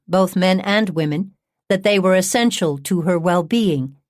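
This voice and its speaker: A woman reading a true-crime audiobook in a measured, even narration on a close studio mic. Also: mid-range voice, no room sound.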